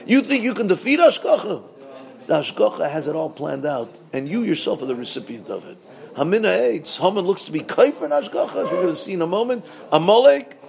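A man teaching a Purim Torah talk, asking rhetorical questions and answering them, swinging between loud bursts and low asides. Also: gravelly.

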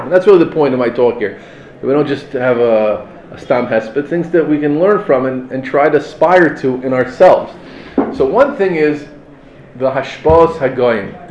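A man's voice: medium pitch, lo-fi sound, a little hiss or hum. Man, rabbi's sermon, passionate, rhetorical questions, Yiddish and Hebrew terms, echoey room. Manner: impassioned, rising to near shouts, rhetorical questions. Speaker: yeshiva rabbi giving a eulogy talk.

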